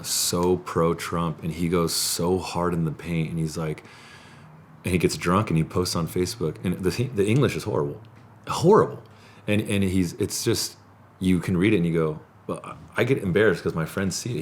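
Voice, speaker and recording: A man hosting a podcast in a studio, telling animated stories in casual chat and laughing often. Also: sits low, a little hiss or hum. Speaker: podcast host.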